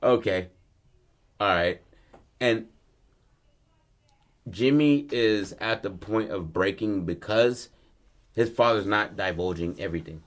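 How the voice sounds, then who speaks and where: A man hosting a podcast, telling a story in a loose, slangy, animated way. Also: on the low side, unhurried, pauses often. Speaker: podcast host. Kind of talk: casual storytelling.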